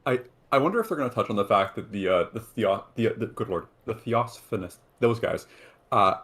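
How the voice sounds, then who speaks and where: A man's voice: lowish voice, animated, fairly quick, a bit bright. A man in casual chat, thoughtful and hesitant with frequent restarts.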